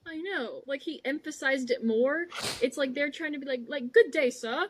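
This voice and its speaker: A woman's voice: high-pitched, normal speed, background noise. A woman co-hosting a podcast in casual chat, full of "like" fillers, on a video call. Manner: chatty, many "like" fillers. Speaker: podcast co-host.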